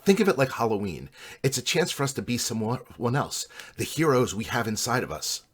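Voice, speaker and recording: Guy doing a bold lady paladin leading the party, steady and rallying, bit husky. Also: mid-range voice, brisk. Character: determined young woman paladin, party leader.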